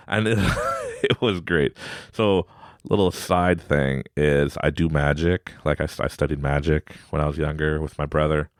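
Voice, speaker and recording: Male podcast host, 30s, deep lively voice, chatty and giggly. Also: normal speed, no room sound, clean studio sound. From Canada. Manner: animated, giggly, acts out his son in a high voice. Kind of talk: casual storytelling monologue.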